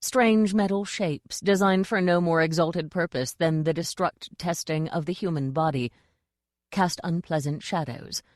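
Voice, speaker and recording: A woman narrating an audiobook in a measured, dry storytelling manner. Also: lowish voice, no echo.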